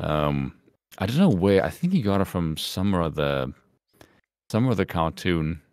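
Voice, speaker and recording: A man in his thirties from Ireland with a deep, resonant voice, chatting calmly and wryly on a podcast and swearing freely. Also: measured pace, clean tone, no echo, clean studio sound. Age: 30s. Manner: calm, wry, swears freely. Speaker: podcast co-host. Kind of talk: casual chat.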